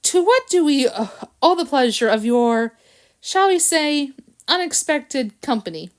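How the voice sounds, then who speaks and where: A woman voicing a gruff, blustering male bulldog who talks pompously in a storybook. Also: sits high, very animated, unhurried, pitched above the performer's own voice. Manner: pompous, mumbling.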